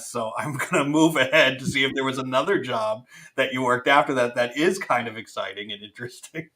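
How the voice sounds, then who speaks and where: A man's voice: medium pitch, bright, forceful tone. A man hosting a podcast interview, asking friendly questions and teasing his guest a little. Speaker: podcast host. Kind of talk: casual interview.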